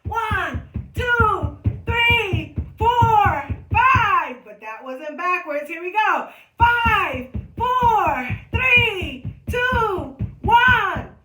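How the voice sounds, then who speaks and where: Animated woman reading to preschoolers. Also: very high voice, drawn-out words. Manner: animated, coaxing, counting aloud for children. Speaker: preschool teacher reading aloud. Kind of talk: storybook read-aloud with movement exercises. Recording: roomy echo from a distant camera.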